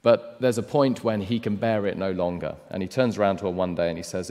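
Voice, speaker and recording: Male preacher, low voice, emphatic sermon delivery that swings between loud and hushed, long hall reverb. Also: steady tone, brisk, hardly any pauses.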